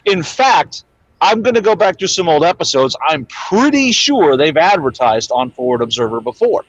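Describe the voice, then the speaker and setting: A man speaking as a guest in a casual chat, steady and earnest, often restarting his sentences. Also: a little high, normal speed, no room sound. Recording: dull, dry remote line.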